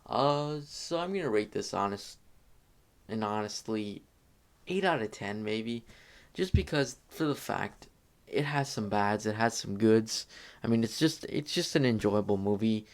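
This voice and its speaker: A man's voice: fairly low pitch, lively intonation, a little slow. Rambling young man reviewing a movie. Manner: rambling, repeats himself, many fillers.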